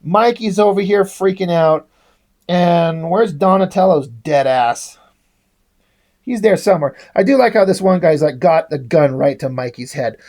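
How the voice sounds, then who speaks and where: A man's voice: a little high, expressive, measured pace, a little mellow. A man casually reviewing a comic book, rambling and swearing freely, often restarting his sentences.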